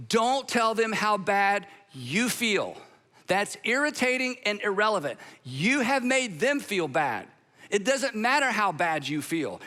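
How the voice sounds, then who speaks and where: Animated, emphatic male pastor preaching. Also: high-pitched. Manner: animated, emphatic, pauses for effect; leads the congregation in call-and-response practice. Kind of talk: sermon.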